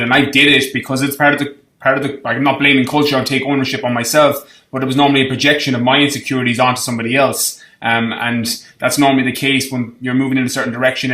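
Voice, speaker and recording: A man's voice: medium pitch, bright, forceful tone. A man hosting a podcast, affirming his guest's points and asking reflective interview questions. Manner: encouraging, affirming. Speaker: podcast host. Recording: roomy podcast recording.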